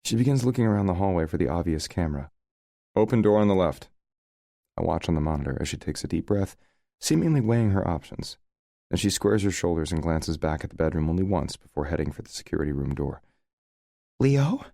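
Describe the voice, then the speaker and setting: A man's voice: sits low, expressive, quick pace, gravelly, dark tone, no room sound. A man narrating a first-person romance audiobook in a wry, conversational way, recorded close to the mic.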